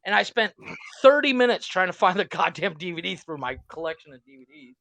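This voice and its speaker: A middle-aged man co-hosting a casual podcast, swearing and acting out quotes with animated energy. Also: sits high, brisk, no echo. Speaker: podcast co-host.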